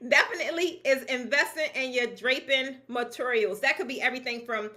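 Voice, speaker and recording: This woman, who runs a draping business, addresses an audience of peers in a high voice at a fairly quick clip. She's lively and informal, stressing her points with colloquial flair and frequent laughter.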